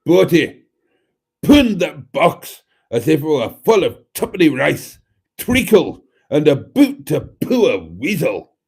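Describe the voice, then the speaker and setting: A man putting on a loud, mock-Scottish bloke. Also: on the high side, sing-song, takes it slowly, creaky, slightly rough, voice pushed up, heavily acted. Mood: bossy. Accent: Scottish, put on. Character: generic Scottish man barking orders.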